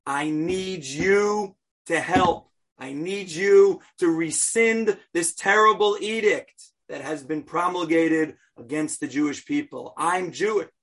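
A man voicing an earnest young queen who pleads in a quiet, measured way. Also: a little high, exaggerated voice.

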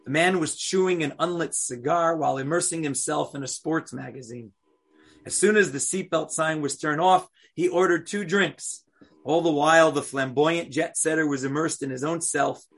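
A Torah teacher leads a lesson, questioning his students and telling a story with animated expression. His voice is fairly high for a man, husky and slightly breathy, at a normal speed.

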